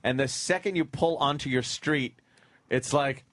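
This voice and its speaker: A man's voice: medium pitch, unhurried, noisy background. A man hosting a talk radio show, joking and laughing along as he riffs on crude stories. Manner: laughing, joking cohost who riffs on the story. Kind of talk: casual comic banter on talk radio.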